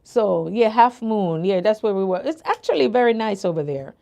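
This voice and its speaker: A woman's voice: mid-range voice, lively intonation, moderate pace, creaky, warm tone, highs cut off. An older woman from Jamaica with a Jamaican accent, hosting a casual livestream and chatting with her viewers, laughing often. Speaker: nurse coach and livestream host.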